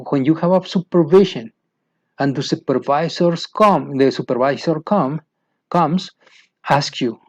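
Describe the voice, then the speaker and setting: A man's voice: medium pitch, darkish tone. A man with a Mexican Spanish accent, a native Spanish speaker, lecturing teachers in English, restarting phrases and asking rhetorical questions. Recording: dull lo-fi sound.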